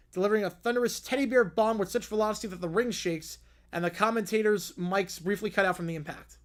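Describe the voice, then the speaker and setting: High-voiced man reading viewer stories. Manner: quick, animated reading with asides. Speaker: livestream host.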